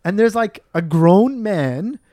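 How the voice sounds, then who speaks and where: A man's voice: high-pitched, lively intonation, slow pace, warm tone, no echo. A young Palestinian man telling a story in casual chat, acting out voices, swearing and laughing often.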